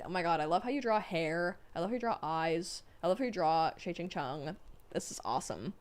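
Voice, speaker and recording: A woman streamer excitedly reading out donations and fan messages in a casual livestream chat, gushing and laughing often. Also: fairly low pitch, fairly quick.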